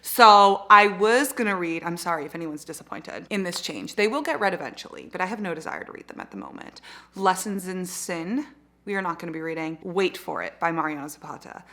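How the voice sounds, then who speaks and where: A woman in her twenties chatting casually in a reading vlog, gushing and excitable, swearing freely. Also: lowish voice, fairly quick. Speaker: reading vlogger.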